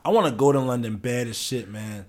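A man's voice: medium pitch, brisk. A man hosting a casual chat, talking loosely and profanely with jokes. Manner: loose, profane, joking banter.

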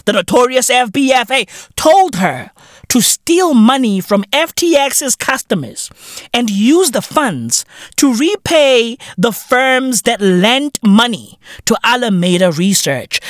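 Profane, animated man ranting with slang. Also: sits high, no room sound, studio quality. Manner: profane, animated, bursts into shouting; heavy street slang. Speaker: podcast host. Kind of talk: comedic rant.

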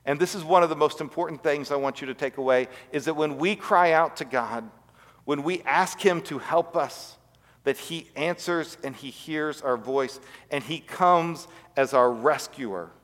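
A man preaching a sermon as pastor, telling stories earnestly and dropping to quiet emphasis. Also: fairly high pitch, unhurried, long reverb tail.

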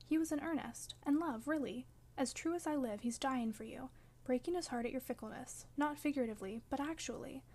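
A woman's voice: high voice, fairly quick, darkish tone, slightly rough. A woman reading the part of a stern, scheming man on horseback, coaxing and insistent, in an audiobook reading. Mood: pressing.

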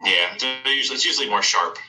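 A man's voice: medium pitch, fast talker, sharp tone, soft background music, poor audio. A man voicing Magic Mike, a joking male adventurer who laughs often.

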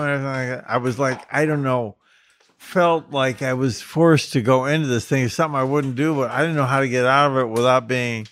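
A man casually telling a personal anecdote, vivid and lively, with frequent restarts. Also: medium pitch, normal speed. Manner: animated, vivid storytelling with restarts. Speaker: storyteller.

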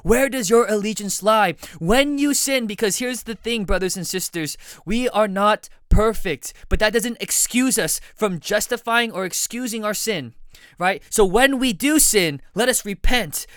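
A man's voice: sits high, a bit bright, dry recording. A man preaching a sermon, earnest and direct, putting questions to his listeners.

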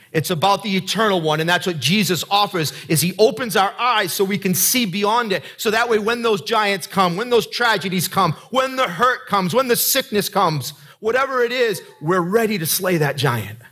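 Bright, high-voiced male pastor preaching. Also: husky. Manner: earnest, conversational preaching with direct questions to the congregation. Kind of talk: sermon.

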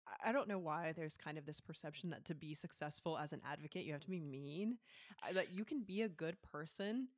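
A woman co-hosting a podcast, making a thoughtful, measured point. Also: low-pitched, no room sound, clean studio sound. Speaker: podcast co-host. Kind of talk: casual podcast conversation.

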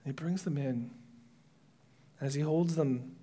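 Man preaching with sudden hushed drops. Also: a little high, a little slow. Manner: dramatic storytelling, dropping to hushed whispers for emotional moments. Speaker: pastor. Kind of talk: sermon.

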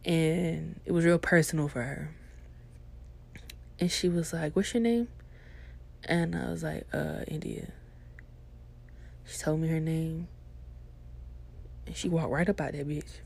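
A young woman podcast host telling a funny story in casual, slangy, profane chat, animated and laughing as she goes. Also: low voice, a little slow, gravelly, pauses often, slight background noise.

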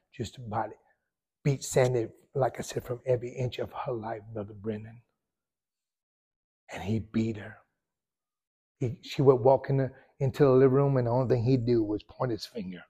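A male pastor, preaching a sermon and telling a story with sudden loud surges and hushed drops. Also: medium pitch, slightly rough.

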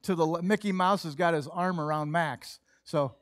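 A middle-aged man preaching a sermon, telling a lively personal story and acting out what people said. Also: a little high, normal speed, no room sound. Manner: animated storytelling, acts out quoted voices. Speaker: pastor.

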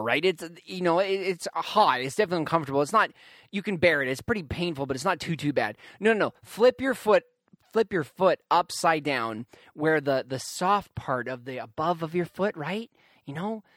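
A young man telling a personal story in a casual monologue, animated and emphatic, often addressing his listeners directly. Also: fairly high pitch, dry recording.

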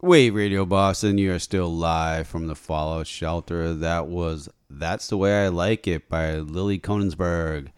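A man hosting a live radio show in a studio, bantering casually with deadpan wisecracks. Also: low voice, measured pace, hardly any pauses, clear, resonant tone, no room sound. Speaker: radio host. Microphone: studio microphone.

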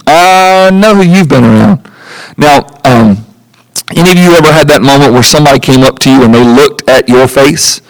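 A man preaching a sermon as pastor, animated, acting out quoted voices and chuckling at his own asides. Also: medium pitch, poor audio.

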